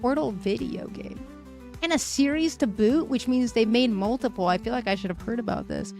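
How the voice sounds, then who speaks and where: A young livestream host with a slightly high, expressive, darkish-toned voice talks a little fast, chatting casually and reading viewer messages aloud amid frequent laughs. Her voice sounds a bit worn and fried, with faint music in the background.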